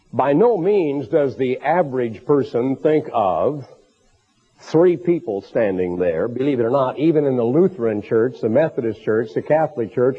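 A man with a hoarse, raspy voice from a bronchial illness, preaching earnestly in a recorded sermon for a tape program. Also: mid-range voice. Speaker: minister. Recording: tinny phone-like tape recording.

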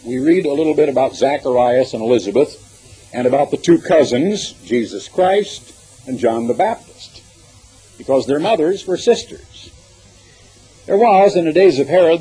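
A man's voice: medium pitch, dark tone, breathy edge, low-quality recording. A man preaching a sermon, reading scripture aloud and commenting on it with emphatic, rising and falling delivery.

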